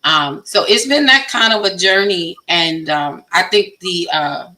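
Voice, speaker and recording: Middle-aged woman, bright forceful voice, acts out what she was thinking, laughs at herself a lot. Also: fairly low pitch, a little slow, low-quality recording. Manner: animated storyteller, acts out her own inner voice. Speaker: panel guest. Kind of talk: candid panel conversation.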